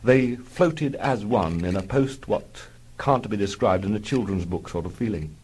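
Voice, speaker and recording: A man tells an absurd pilot yarn in dry, mock-heroic tones. His voice sits low and a little husky, yet it rises and falls with lively pitch. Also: a little slow, rough recording. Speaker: narrator. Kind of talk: deadpan comic storytelling.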